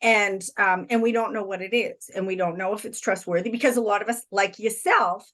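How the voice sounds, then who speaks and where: A woman's voice: medium pitch, fairly even intonation, fairly quick, a bit bright. A woman hosting a spiritual interview over a video call, explaining her views with rhetorical questions in a reflective way. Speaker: podcast host. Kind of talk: conversational interview.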